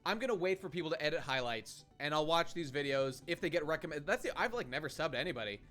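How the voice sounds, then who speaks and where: A man's voice: fairly high pitch, lively intonation, fast talker, a bit bright, faint music behind. Rambling, profane man streaming a game. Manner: rambling and profane, with frequent restarts. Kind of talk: casual live-stream commentary.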